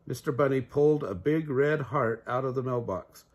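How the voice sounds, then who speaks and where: A man's voice: medium pitch, moderate pace, a little mellow, dull audio. An older man reading a children's storybook aloud, adding sound effects.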